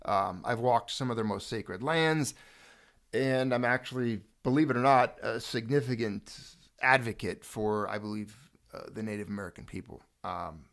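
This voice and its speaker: Gravelly guy just chatting on his stream, rambles, restarts a lot. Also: on the low side. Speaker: channel host. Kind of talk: casual livestream chat.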